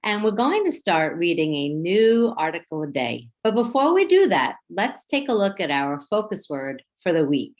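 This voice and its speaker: A woman teacher with a New York accent leading a children's phonics lesson, slow, clear and encouraging as she sounds words out. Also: on the low side, sing-song.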